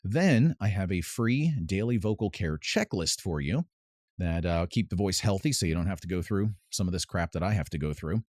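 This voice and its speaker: Male vocal coach, very low voice, dry close sound, casual pedantic explainer. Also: animated, moderate pace, a little mellow, no echo. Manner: pedantic, explains with sung demonstrations. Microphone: close mic with added reverb at times.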